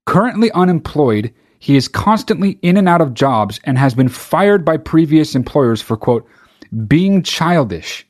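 A man's voice: on the high side, lively intonation, moderate pace, few pauses. A man hosting a comedy commentary show, reading a news article aloud and reacting with sarcastic, profane disbelief. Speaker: show host.

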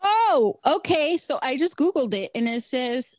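A woman's voice: high-pitched, big pitch swings, unhurried, dry recording. A woman hosting a podcast in playful casual chat. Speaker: podcast host.

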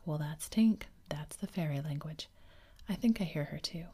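A woman's voice: sits low, normal speed, warm tone. A woman whispering the part of a cheerful, boastful boy who never wants to grow up, in a whispered role-play. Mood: gleeful. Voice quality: breathy whisper. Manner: eager, boyish, carefree.

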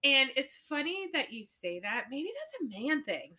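A woman in her thirties co-hosts a relaxed podcast, her voice slightly high and bright. Her pitch swings a lot as she tells stories with easy laughter. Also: normal speed. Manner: lively, laughing storyteller. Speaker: podcast co-host. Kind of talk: casual chat.

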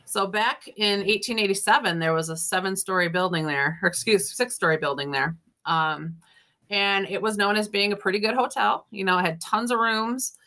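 A woman's voice: mid-range voice, normal speed, bright, forceful tone. A middle-aged woman, a ghost tour guide, chatting and telling stories in an interview, laughing often and acting out the people she quotes. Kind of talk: casual storytelling interview.

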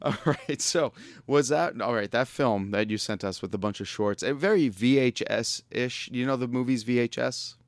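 A man's voice: medium pitch, normal speed, no echo, studio quality. Joking man hosting a radio show. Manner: joking, laughs often. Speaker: podcast host. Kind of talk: casual chat.

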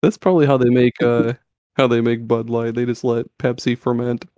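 A man's voice: mid-range voice, level tone, normal speed, warm tone, clean tone, no echo, clean studio sound. A man hosting a podcast, chatting loosely with lots of swearing and stumbling restarts. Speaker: podcast host. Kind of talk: casual chat.

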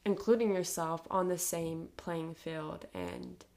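A woman's voice: on the low side, slow pace, a little mellow. A woman in her twenties hosting an interview, enthusiastic and gushing, peppered with "like" and "oh my gosh". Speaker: interviewer, host. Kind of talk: casual interview chat.

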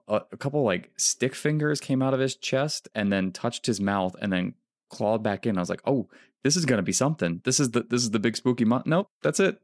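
A man with a deep, low voice talks casually on a podcast. He rambles, restarts his sentences and slips into playful quoted voices. The recording is dry and close. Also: no echo. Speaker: podcast co-host. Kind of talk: casual chat.

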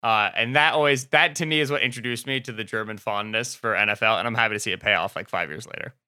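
Fast-talking man with a bright voice. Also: fairly low pitch, clear, resonant tone, no room sound, studio quality. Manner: rapid, wry, mock-emphatic opinions. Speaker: co-host of a football podcast. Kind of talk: casual sports chat.

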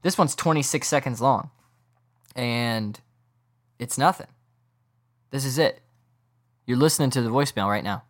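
A man hosts a laid-back sports podcast, talking in an animated, rambling rush of thoughts. His pitch sits in an ordinary middle range for a man, and he swings from mumbling asides to incredulous outbursts. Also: moderate pace, pauses often. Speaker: podcast host. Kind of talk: casual podcast rant.

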